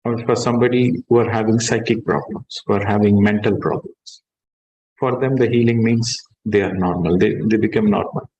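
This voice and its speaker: Calm low-voiced meditation teacher. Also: male voice, muffled recording. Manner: calm, measured, stresses key words. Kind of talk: guided meditation and spiritual talk.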